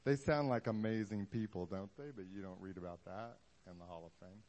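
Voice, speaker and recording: A man's voice: on the low side, a little fast, darkish tone, highs cut off. A man preaching a sermon in a casual, joking way, acting out the Bible scenes he talks about for the congregation. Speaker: pastor.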